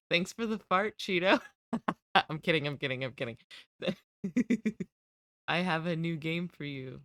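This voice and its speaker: A woman's voice: on the low side, lively intonation, slow, long pauses, fairly bright tone, no room sound, studio quality. A woman streamer chatting casually with her viewers, rambling and giggling at herself. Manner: giggly, rambling, self-deprecating.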